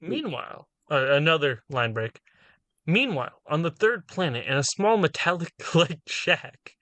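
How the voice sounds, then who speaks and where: Man, comedic fanfic reading, bright tone, slightly high voice. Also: very animated, a little slow, no echo. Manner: reads narration, breaks off to joke. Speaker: reader and host.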